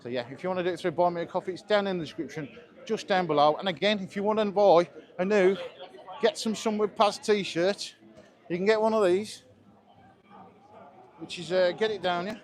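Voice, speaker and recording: With a high-sitting voice and fairly quick pace, a man walks busy resort streets outdoors, filming himself on a handheld camera. He's live-streaming a travel vlog, giving chatty, enthusiastic tour commentary.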